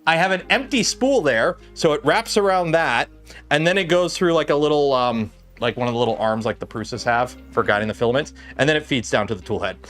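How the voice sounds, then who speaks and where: Faint music plays behind this Canadian livestream host, whose fairly bright, high-leaning voice moves a little fast with lively intonation. He chats loosely while working at his bench, leaning heavily on fillers like "uh" and "like."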